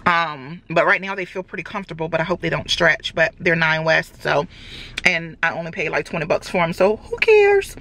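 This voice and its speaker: A woman's voice: sits low, steady tone, fairly quick, sharp tone. A woman vlogging in a casual, rambling chat to camera, full of fillers, on her way to church in a car. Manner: chatty and rambling, many fillers.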